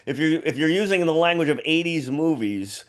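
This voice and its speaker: A man's voice: on the high side, animated, a little fast. A man on a comedy radio panel, rambling and self-mocking, with lots of restarts. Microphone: studio mic.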